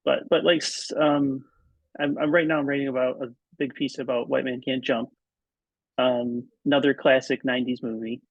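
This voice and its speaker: Gravelly-voiced man, halting speech. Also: mid-range voice, level tone, no room sound. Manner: halting, many ums and restarts. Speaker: podcast guest, writer and editor. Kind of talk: casual interview chat. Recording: dull, muffled, dry audio.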